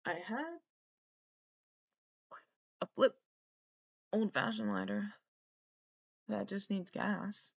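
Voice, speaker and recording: A woman's voice: mid-range voice, expressive, very slow, vocal fry, pauses often, slightly rough, lo-fi sound. A woman hosting a podcast, rambling through a solo monologue, swearing and trailing off mid-thought. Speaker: podcast host.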